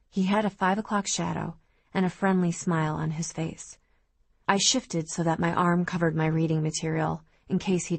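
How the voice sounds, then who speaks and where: A woman reads a novel aloud in the first person, with steady, even storytelling. Her voice sits on the lower side, and the recording is dry and close, with no room around it. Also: vocal fry, no room sound. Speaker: audiobook narrator. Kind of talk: first-person audiobook narration.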